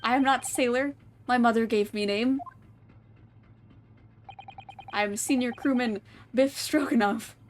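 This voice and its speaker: Woman doing a gruff, curt sailor guard. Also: fairly high pitch, moderate pace, a little hiss or hum, natural voice. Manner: broken clipped English, curt. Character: gruff male sailor guard, blunt and scornful.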